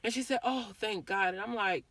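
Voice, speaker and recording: A woman speaks straight into the camera in a bright, clear voice and relives a hard family moment in an earnest, repetitive way. The sound is close and dry. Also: medium pitch, a little fast, dry recording. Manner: earnest, repeats herself, acts out quotes. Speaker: vlogger. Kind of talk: emotional personal storytelling.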